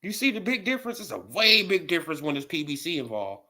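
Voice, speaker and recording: A man's voice: a little high, quick pace, slight background noise. A man ranting casually about boxing on a livestream, full of laughs and repeated fillers. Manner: laughing, animated, repetitive fillers. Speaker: boxing commentator.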